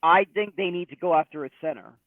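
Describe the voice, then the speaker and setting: A man co-hosting a sports podcast in a halting, repetitive way, heard over a tinny phone-like line. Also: a little high, no echo. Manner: halting, repeats himself. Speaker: podcast co-host. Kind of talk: casual sports talk.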